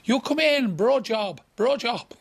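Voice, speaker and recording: Pushy, shouting female madam touting in broken English, played by a male storyteller pitched well up. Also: lively intonation, takes it slowly, vocal fry, full character voice.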